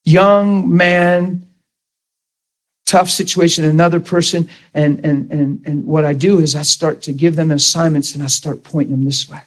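A man's voice: fairly high pitch, brisk, hardly any pauses, poor audio. A man teaching a ministry class in a blunt, conversational way, often acting out the people he quotes. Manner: animated, blunt, acts out quoted voices.

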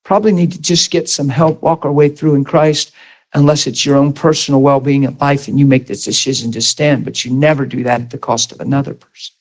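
A man's voice: medium pitch, fairly quick. A middle-aged man preaching a sermon, telling a personal story and acting out the voices in it. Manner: animated storyteller, acts out voices, laughs.

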